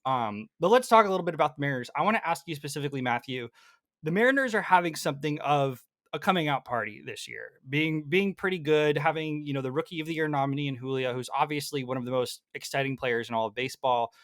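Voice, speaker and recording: A man hosting a podcast, talking with animated, laughing energy. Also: a little high, fast, no echo. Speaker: podcast host. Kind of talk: casual podcast chat.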